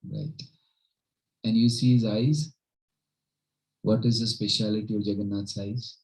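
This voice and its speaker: A man leads a devotional reading at a home gathering. His voice sits fairly low, and he tells the stories with animation, acting out the characters as he goes. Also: a little slow, a little mellow, low-quality recording. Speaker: spiritual teacher. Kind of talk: devotional storytelling talk.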